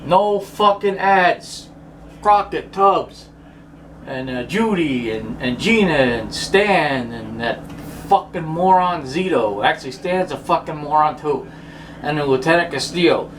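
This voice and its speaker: Male vlogger, high voice, exasperated profane ranter, distant mic with faint noise. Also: expressive, unhurried. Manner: exasperated, swears constantly, mock-outraged. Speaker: vlogger ranting about football. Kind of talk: profane comic rant to camera.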